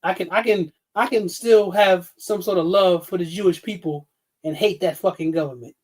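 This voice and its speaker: A man's voice: sits high, moderate pace, a little mellow. A man, ranting bluntly and profanely on a casual livestream. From New York City. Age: 50s. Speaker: livestream host.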